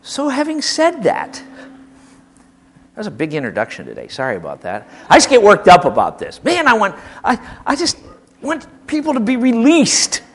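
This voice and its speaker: Impassioned older preacher, high voice. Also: male voice, wildly swooping pitch, moderate pace. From American Midwest. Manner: impassioned, emphatic, swinging from hushed to loud. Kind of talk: sermon.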